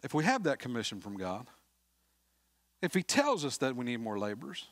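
Male pastor, earnest sermon storytelling, hushed to loud, middle pitch, dry close sound. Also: huge pitch swings, normal speed, long pauses, dry recording. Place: church sanctuary.

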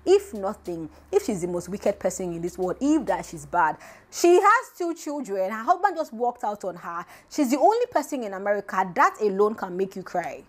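A woman's voice: big pitch swings, a little fast. A woman hosts a vlog, giving emphatic, rhetorical gossip commentary. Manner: emphatic and rhetorical, voice often jumping up high. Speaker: vlogger host. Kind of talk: casual celebrity gossip commentary.

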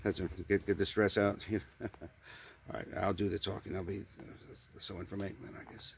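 A man's voice: low voice, flat delivery, moderate pace, background noise. A man doing an improvised comic sketch with a puppet, stammering, repeating words and rambling. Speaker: puppeteer comedian.

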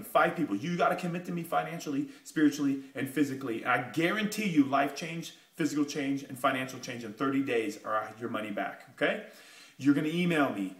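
A man giving a motivational pitch, emphatic and repetitive, pushing his points with rising urgency. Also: fairly bright tone, reverberant. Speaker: motivational speaker.

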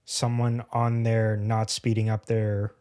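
A man's voice: on the low side, completely flat delivery, dark tone. Curious male podcast co-host. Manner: curious, asks questions, halting. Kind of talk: casual podcast chat.

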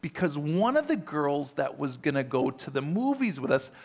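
A man preaching a sermon who tells stories in a lively way, often repeats and restarts his words, and keeps checking in with his listeners. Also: a little high, normal speed, creaky. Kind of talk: sermon with personal storytelling.

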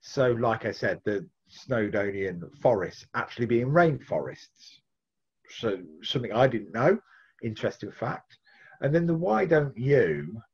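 Male author-storyteller, husky voice, lively telling, dull audio. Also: mid-range voice, a little slow. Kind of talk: folk tale storytelling and interview answers.

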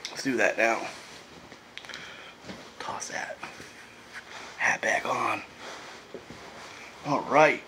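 A man's voice: medium pitch, slow pace, long pauses, noisy background. A laid-back man chatting casually and swearing as he reviews vape gear in a vlog, coughing now and then.

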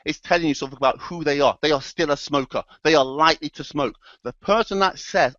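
A man's voice: a little high, very animated, a little fast, hardly any pauses, a bit bright, dry recording, dull audio. A man presenting a motivational trading seminar, speaking emphatically and addressing the audience directly.

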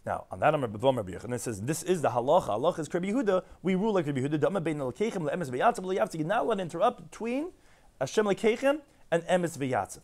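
Rapid-fire rabbi teaching Talmud. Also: male voice, a little high, sing-song, darkish tone. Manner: rapid explanatory delivery, reads and translates text line by line. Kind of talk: daily Talmud lesson.

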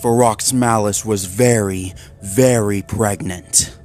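A man reading a horror story aloud in a measured, dramatic voice-over. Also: lowish voice, fairly even intonation, a little mellow. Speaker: narrator. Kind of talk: scripted horror story narration. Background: faint background music.

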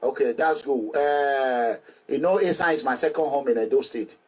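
A man's voice: mid-range voice, moderate pace, slightly rough. A Nigerian man hosting a call-in show, questioning a caller firmly and cutting in often. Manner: probing, talks over the caller. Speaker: host. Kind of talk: phone-in radio show.

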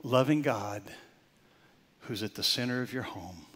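An older male pastor preaching a Father's Day sermon, swinging from loud, emphatic points to soft, near-whispered storytelling. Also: mid-range voice, expressive, a little slow, breathy edge.

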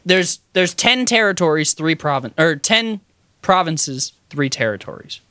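A young man co-hosts a podcast in playful, casual chat. His pitch swings widely and his voice sounds dry and close. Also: measured pace, clear, resonant tone, no echo. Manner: lively, playful, slips into jokey voices. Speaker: podcast co-host.

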